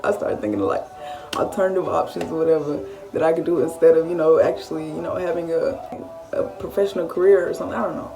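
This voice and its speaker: A woman in her late teens, telling a story-time vlog in a casual, animated style. She swears freely and often acts out what she was thinking. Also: lowish voice, quick pace, vocal fry, far from the mic, music in the background. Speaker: vlogger.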